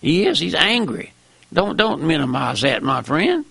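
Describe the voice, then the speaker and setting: An older man preaching a fiery sermon, with impassioned, repetitive emphatic calls and a gravelly voice. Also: a little high, very animated, a little slow, sharp tone, dry recording.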